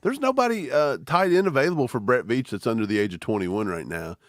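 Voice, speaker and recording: Man, co-host, live draft reaction, lively up-and-down voice, dry close sound. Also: medium pitch, fast talker, no room sound. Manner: animated, mimics people in silly voices.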